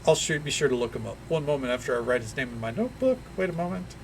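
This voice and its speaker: A man's voice: mid-range voice, animated, very fast, slight background noise, natural voice. A man voicing a cheerful, chatty male halfling tourist, bubbly and over-eager in a sing-song way.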